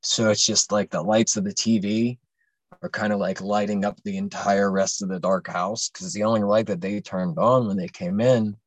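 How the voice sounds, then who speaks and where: A man's voice: lowish voice, fairly even intonation, normal speed, dry recording. A young adult man casually telling a long personal story on a podcast, rambling and profane, with many fillers and restarts.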